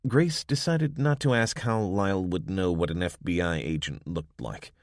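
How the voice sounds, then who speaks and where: Audiobook narrator: man, very low voice, measured, dry studio sound. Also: expressive, dry recording. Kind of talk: scripted narration.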